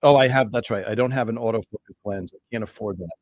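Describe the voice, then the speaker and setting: A man's voice: fairly low pitch, fast talker, no room sound. A man hosting a casual live stream from a small home studio, rambling and easily distracted, with lots of ums and asides.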